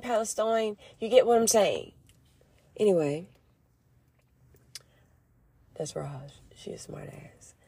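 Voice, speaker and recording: A woman's voice: fairly low pitch, dark tone, no room sound. A woman chatting casually with her followers, slangy and rambling, full of asides. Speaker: vlogger and small business owner.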